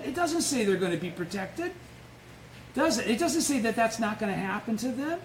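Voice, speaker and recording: Male study-group leader, high voice, blunt emphatic lecturing style; roomy echo. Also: big pitch swings, normal speed. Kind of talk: informal Buddhist study lecture. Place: indoor meeting room, live-streamed. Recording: echoey room with faint noise.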